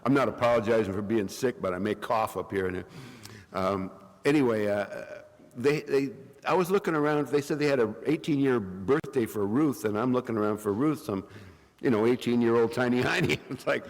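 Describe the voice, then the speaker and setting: A middle-aged man telling a comic recovery story at a meeting, rambling with wry jokes and fillers, a little hoarse and coughing from bronchitis. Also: medium pitch, a little fast. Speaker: AA speaker. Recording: long reverb of a hall.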